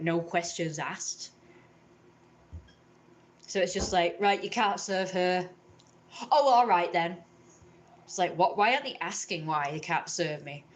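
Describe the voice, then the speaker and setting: A woman's voice: on the low side, a little hiss or hum. A young woman rambling through a story to camera, indignant and acting out what others said in raised voices. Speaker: vlogger.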